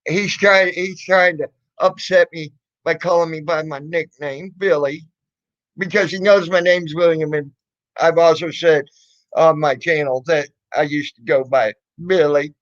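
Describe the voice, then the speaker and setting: A man's voice: a little high, fairly even intonation, a little slow, lo-fi sound. A man ranting on a casual stream, mocking and sarcastic, swearing and laughing often. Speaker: streamer responding to trolls.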